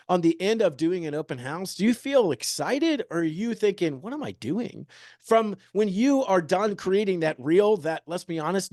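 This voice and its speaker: A man's voice: sits high, no echo, studio quality. Upbeat man quizzing an audience. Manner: energetic, quizzes the audience with rhetorical questions; joking, upbeat. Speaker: real estate agent giving a talk. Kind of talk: motivational presentation to an audience.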